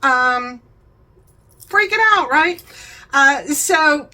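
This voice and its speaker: A woman's voice: high-pitched, animated, very slow, sharp tone, poor audio. A talkative woman hosting a home vlog, rambling chattily and laughing often. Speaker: vlogger, channel host.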